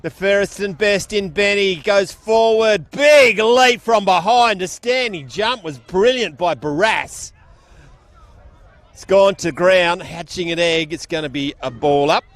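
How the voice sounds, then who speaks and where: Aussie bloke calling the footy live outdoors, bit higher voice, chatty and folksy. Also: male voice, measured pace, fairly bright tone. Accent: Australian. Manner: chatty, folksy calls with local slang. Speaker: football commentator. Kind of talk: live play-by-play commentary. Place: outdoors at a country football ground.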